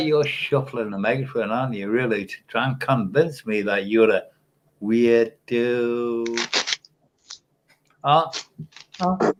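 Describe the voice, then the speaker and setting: A man's voice: mid-range voice, expressive, slow pace, pauses often, background noise. A man chatting on a livestream panel from a home webcam setup with a studio microphone, rambling and teasing the others cheekily. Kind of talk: casual chat.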